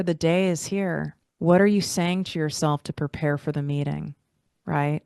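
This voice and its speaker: Low-voiced woman hosting a motivational podcast. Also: steady tone, normal speed, vocal fry, darkish tone, smooth, no room sound, studio quality. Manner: encouraging, motivational, asks many questions. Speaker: podcast host. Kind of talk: guided visualization talk.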